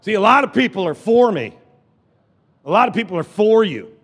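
A pastor with a high, sing-song voice preaches from the pulpit of a church sanctuary, his delivery moderately paced, a little bright, and husky, echoing through the large hall. He leads the congregation in call-and-response, repeating phrases and restarting sentences.

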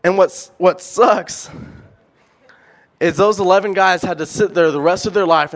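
This young preacher's voice sits high and moves a little slowly. His sermon is animated and emphatic, full of rhetorical questions and repeated words.

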